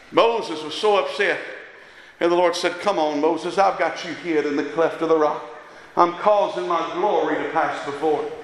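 A man preaching a sermon, impassioned and rising to shouts at times, recorded in an echoey church hall. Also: high-pitched. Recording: echoey hall with long reverb.

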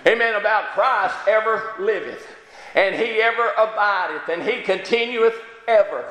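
High, bright-voiced fervent preacher in an echoing hall. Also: male voice. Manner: fervent, punctuated with frequent amens and halting fillers. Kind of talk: sermon. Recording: echoey hall with long reverb.

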